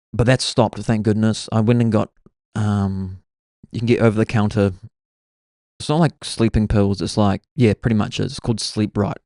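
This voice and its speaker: A man's voice: fairly low pitch, darkish tone, dry recording, studio quality. A man, hosting his own podcast and rambling through stories in a casual way, full of "like" and "bro". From New Zealand. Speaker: podcast host. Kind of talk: casual solo storytelling.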